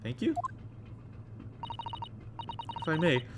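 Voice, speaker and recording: A man voicing a polite, soft-spoken young woman assistant. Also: on the high side, very animated, extremely slow, background noise, heavily acted.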